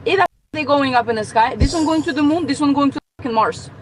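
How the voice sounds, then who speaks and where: A woman's voice: high voice, quick pace, crowd noise, rough recording. A woman ranting into her phone camera from inside a car, exasperated and swearing. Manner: exasperated, swearing, rising to outbursts. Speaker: nail tech venting as a customer. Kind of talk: casual rant to phone camera.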